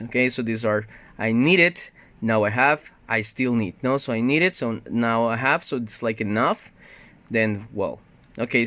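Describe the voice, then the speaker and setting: A man's voice: medium pitch, measured pace, fairly bright tone, no echo. A male English teacher giving a recorded online lesson, explaining step by step and often tagging a questioning "no?" onto his sentences. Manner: reads textbook dialogues aloud with livelier intonation.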